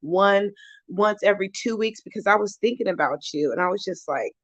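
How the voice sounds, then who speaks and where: A woman's voice: medium pitch, animated, brisk, no room sound, muffled recording. A woman hosting her recovery channel in a casual livestream chat, earnest and heartfelt, often restarting her sentences.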